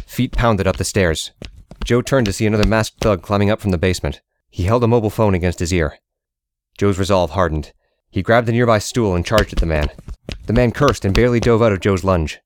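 Low voiced guy reading an audiobook, steady pace, dry close mic. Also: dry recording. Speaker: narrator. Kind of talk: audiobook narration.

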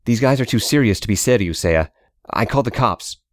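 A man's voice: on the low side, animated, brisk, no echo, studio quality, close to an everyday voice. A man voicing a frightened young man who stammers and speaks shakily. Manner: stammering, shaky. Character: frightened young man caught in a gang fight.

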